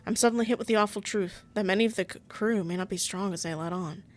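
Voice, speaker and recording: A woman's voice: medium pitch, fast talker. A woman with a sore throat, reading a visual novel aloud and breaking off into casual, self-mocking asides. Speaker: game streamer.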